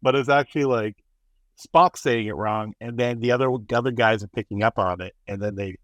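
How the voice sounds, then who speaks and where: A man's voice: lowish voice, a little fast, a bit bright, no echo. Chatty male podcast co-host. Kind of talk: casual review chat.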